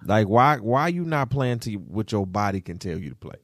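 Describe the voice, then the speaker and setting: Young guy hosting a hoops talk show, loud then muttering, cusses a lot, pitch all over, dry close sound. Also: normal speed, no room sound. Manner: animated, profane, swings from shouting to muttering. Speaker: podcast co-host. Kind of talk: casual sports talk.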